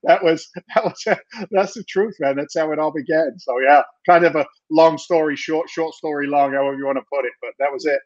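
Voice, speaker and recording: A middle-aged man from England, a guest in a casual interview, telling his story in an animated, chatty way with frequent laughs and restarts. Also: on the high side, a little fast. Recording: dull lo-fi sound.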